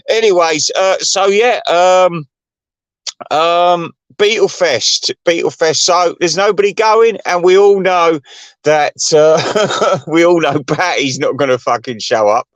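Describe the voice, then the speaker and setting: A man rambles through a gossipy, foul-mouthed rant as host of his own channel, always drifting off on tangents. His voice sits on the higher side for a man. The sound is close and dry, with no room around it. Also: slow, no echo, muffled recording. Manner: gossipy, profane and digressive.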